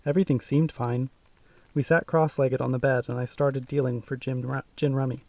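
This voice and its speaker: A man narrating a first-person audiobook in a measured, suspenseful way. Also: medium pitch, little pitch movement, warm tone, dry recording, recorded from a distance.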